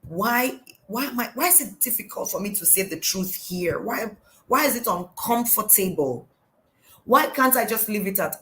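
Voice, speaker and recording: A middle-aged life coach with a Nigerian accent gives a devotional coaching talk, emphatically firing off question after question and repeating "why." Her mid-range voice is pushed and bright with lively intonation at a normal speed, on a rough recording.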